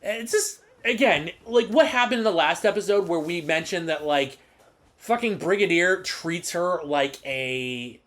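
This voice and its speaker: A man co-hosting a podcast, recapping an old episode in casual chat, swearing and mocking characters with quick put-on voices. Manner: profane, animated, mocking quotes in high put-on voices. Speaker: podcast co-host.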